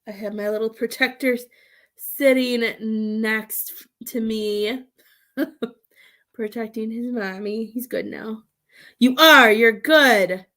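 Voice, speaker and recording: A woman psychic medium gives a live reading in a slightly high voice. She rambles and doubles back on herself, often restarting mid-sentence. She addresses sitters with affectionate pet names. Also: flat delivery. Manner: halting, rambling, frequent restarts.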